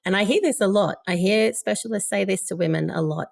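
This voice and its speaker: A woman's voice: mid-range voice, a little fast, gravelly, few pauses, no room sound, studio quality. A woman in her forties, a podcast guest, telling a personal story candidly and with emotion. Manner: emotional, candid, quoting others.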